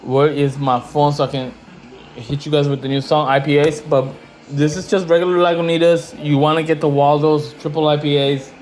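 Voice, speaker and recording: Slangy ranting man, somewhat high voice. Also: normal speed, poor audio. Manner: slangy, animated, swears freely; rising loud when indignant. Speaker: investing vlogger. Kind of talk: casual rant to camera.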